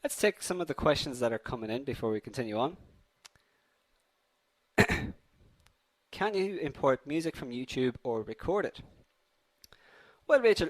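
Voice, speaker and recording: Lively man teaching a live class, slightly congested. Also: medium pitch. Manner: upbeat and chatty, addresses viewers as guys. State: has a slight cold. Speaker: coding instructor hosting a live class. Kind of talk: live online tutorial with viewer poll and questions.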